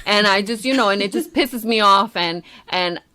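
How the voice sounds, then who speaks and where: A woman co-hosting a podcast in casual chat, telling animated stories, swearing freely and acting out quotes. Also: medium pitch, moderate pace. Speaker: podcast co-host.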